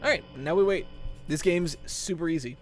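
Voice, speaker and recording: A young man streams a game while chatting to his viewers. His voice sits a bit high for a man, and he keeps the mood light with groaner jokes and excitable outbursts. Soft music plays faintly behind him. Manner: joking, tells groaner puns to chat; excitable, quick yelps of frustration. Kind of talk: live-stream gameplay chat.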